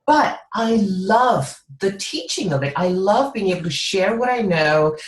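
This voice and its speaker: A woman's voice: medium pitch, sing-song, a little slow. A woman being interviewed as a guest, talking expressively and laughing often. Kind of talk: casual interview chat. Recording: roomy echo.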